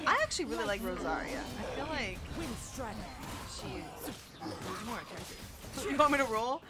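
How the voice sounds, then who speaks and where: A young woman streaming a game, chatting with viewers in an excitable, gushing way. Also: fairly high pitch. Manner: excitable, gushing, squeals and laughs, chats with viewers. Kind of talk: live game-stream chat. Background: game music.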